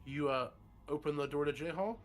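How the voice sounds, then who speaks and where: A man's voice: a little high, brisk, soft background music. A man narrating as game master, in a loose, casual voice full of fillers. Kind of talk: narrating a tabletop horror game.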